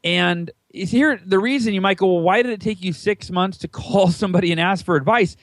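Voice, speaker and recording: Speaking a little fast, an animated guest on a casual storytelling podcast recounts his story, an American man in his thirties whose voice climbs higher each time he imitates what someone said. His naturally high-for-a-man voice sounds dry and close, with no echo.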